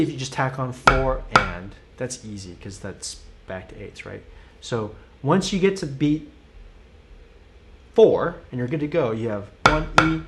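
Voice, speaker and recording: Guy teaching drums, sings bum bum and counts along, loud drumming behind him, patient, keeps asking right? okay?. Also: medium pitch. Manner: counts and sings rhythms aloud while playing. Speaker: drum teacher. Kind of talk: live-streamed drum lesson.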